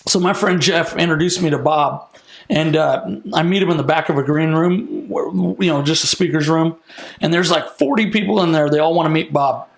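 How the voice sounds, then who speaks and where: A man, a minister, telling a personal testimony in an animated, casual interview, peppered with "like" and "you know.". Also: a little high, a little fast, creaky, echoey room.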